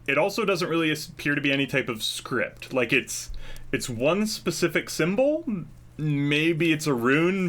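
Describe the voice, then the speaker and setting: A man narrates a tabletop game as game master, with a fairly high, bright voice. He rambles casually, full of "like" and restarts. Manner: casual, hesitant, many fillers.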